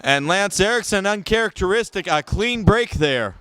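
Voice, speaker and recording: A man's voice: high-pitched, animated, normal speed, a bit bright, a little hiss or hum. A man doing wrestling commentary, boastful and emphatic as he talks up the champion.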